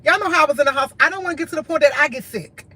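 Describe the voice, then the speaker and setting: A woman's voice: high-pitched, rapid-fire, sharp tone. A tired woman, talking candidly and earnestly to her livestream viewers in short, repeated phrases. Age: adult with a school-age son, in college. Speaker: livestream host.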